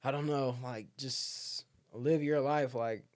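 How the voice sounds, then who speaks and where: A young man from Alabama, a guest on a podcast, chats casually and acts out the people he quotes in his stories, leaning heavily on "like" and "bro". His voice is medium in pitch and slow.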